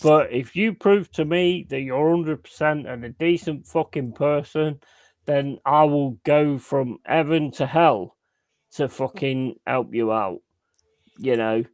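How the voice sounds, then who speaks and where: A man's voice: on the high side, slow, no room sound. A man hosting a casual chat, blunt and swearing freely. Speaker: host.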